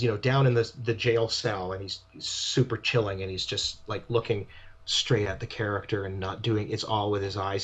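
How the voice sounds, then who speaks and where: Man rambling through stories, dull lo-fi sound. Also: medium pitch. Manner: rambling, anecdotal storytelling. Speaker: actor and guest. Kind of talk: casual conversation.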